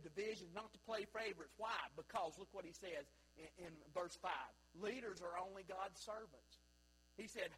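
A man preaching a sermon in a church, swinging from loud, high bursts down to low, quiet stretches. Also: husky, rough recording. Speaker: pastor. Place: church sanctuary.

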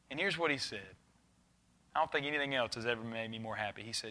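A man, a youth pastor preaching a sermon earnestly, swinging between loud urging and quiet intensity. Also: mid-range voice, fast.

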